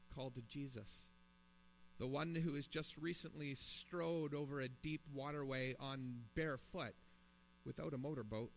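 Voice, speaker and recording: Male preacher, 30s-40s, slightly high voice, earnest sermon, long hall reverb with faint hum. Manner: earnest, rising to emphatic pleas.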